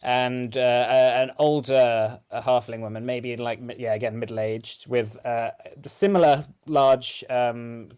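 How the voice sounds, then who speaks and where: Male GM, casual hesitant narration, mid-pitched. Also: fairly even intonation, unhurried, few pauses, darkish tone, smooth. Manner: hesitant, many fillers. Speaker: game master. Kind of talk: narrating a tabletop game.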